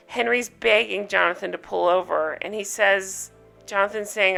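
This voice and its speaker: A woman's voice: mid-range voice, fairly even intonation, normal speed, creaky, sharp tone, faint music behind. A woman recapping a TV episode in a chatty way, retelling scenes and reacting to them. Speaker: TV show recapper.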